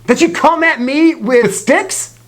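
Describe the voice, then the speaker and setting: A man's voice: very high-pitched, takes it slowly, a bit bright, voice pushed up, full character voice. A man voicing a scornful giant warrior who taunts his small opponent. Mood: taunting.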